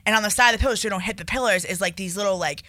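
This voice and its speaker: Bright-voiced chatty young woman, dry mic. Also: mid-range voice, very fast, no room sound. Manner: chatty, fillers of "like", rambling. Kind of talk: casual storytelling chat.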